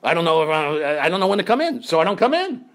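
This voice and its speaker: A comedian hosting a show tells an animated story and acts out the voices of its characters in a comic, chatty way. His voice is a little high and quick, with slight background noise.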